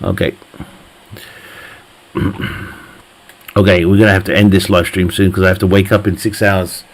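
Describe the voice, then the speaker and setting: A man's voice: low-pitched, level tone, moderate pace. A man live streaming a game, chatting casually with viewers, joking, teasing the chat, laughing often and swearing freely.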